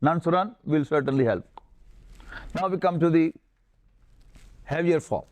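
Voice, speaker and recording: An older man from Pakistan whose first language is Urdu, teaching Arabic grammar in a classroom lecture and slowly drilling verb forms. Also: a little high, a little mellow.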